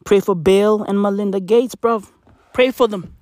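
A man's voice: high voice, moderate pace, darkish tone, no echo, studio quality. A man delivering a satirical rant to camera, slangy and profane, with mock-serious rhetorical questions. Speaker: comedic commentator.

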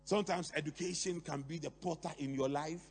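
A middle-aged man preaching a sermon, talking to the congregation with lively rhetorical questions and asides. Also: on the high side, brisk, slightly rough. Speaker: pastor. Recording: long hall reverb, faint hum.

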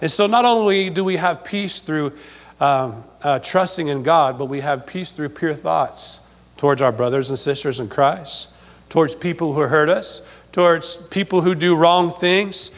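A man's voice: a little high, a little slow. A man preaching a sermon to a congregation, emphatic and repetitive, often checking in with them. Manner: emphatic, repeats himself, asks congregation for amen. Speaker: pastor. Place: church. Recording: long hall reverb.

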